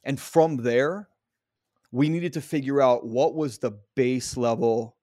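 A man hosting a casual interview, blunt and quick with his questions, swearing freely. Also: mid-range voice, dark tone, dry recording, clean studio sound. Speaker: podcast host.

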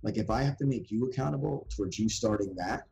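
A man's voice: lowish voice, fast, gravelly, poor audio. A man talking as a podcast guest in casual chat, telling stories and acting out the voices of people he quotes. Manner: animated storyteller who acts out quoted voices.

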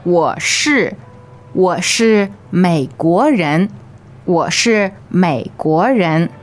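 A woman modelling phrases slowly and clearly as a co-teacher in a podcast lesson. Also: on the low side, animated, faint music behind. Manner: slow, clearly enunciated. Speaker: language teacher. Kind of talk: slow model pronunciation.

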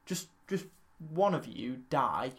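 A man's voice: mid-range voice, very animated, slow pace, fairly bright tone. Rambling, opinionated young-sounding man. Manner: rambling, opinionated, laughs often. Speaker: podcast co-host. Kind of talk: casual chat.

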